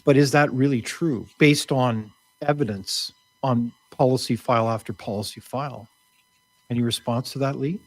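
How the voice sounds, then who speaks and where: A man hosting and moderating a panel discussion, asking measured, probing questions. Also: medium pitch, steady tone, no echo. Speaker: host.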